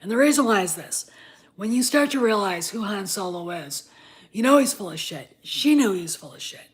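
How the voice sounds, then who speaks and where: A woman in her fifties vents in a casual, swear-filled vlog rant while drinking wine. Her voice sits mid-range for a woman and keeps jumping from near-whispered grumbles to loud shouting. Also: medium pitch, animated, moderate pace. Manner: profane, heated, swings from muttering to shouting. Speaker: vlogger.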